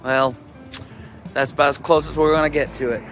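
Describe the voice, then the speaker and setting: With faint music in the background, a travel vlogger chats from behind the wheel on a road trip, rambling casually and using many fillers. His voice is a little high and a bit bright, delivered flatly and briskly, and a handheld camera in the car picks it up.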